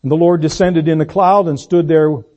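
A man preaching a sermon, swinging between loud slow emphasis and low quiet asides. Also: steady tone. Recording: dull lo-fi recording.

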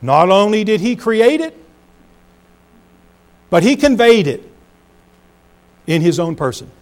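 A middle-aged man preaching a sermon as pastor, swinging between loud emphasis and hushed low phrases. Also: big pitch swings, slow.

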